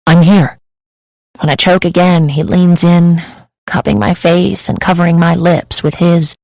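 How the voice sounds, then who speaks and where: A woman's voice: on the low side, little pitch movement, normal speed, gravelly, darkish tone, no room sound, poor audio. A woman reading a first-person romance audiobook in an intimate, emotive way on a close studio mic. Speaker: audiobook narrator.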